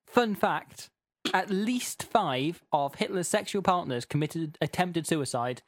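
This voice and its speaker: A man's voice: on the high side, slow pace, no room sound. Giggly man narrating a comic adventure. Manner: wry, giggly, deadpan narration. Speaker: podcast host. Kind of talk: narrating a comic choose-your-own-adventure.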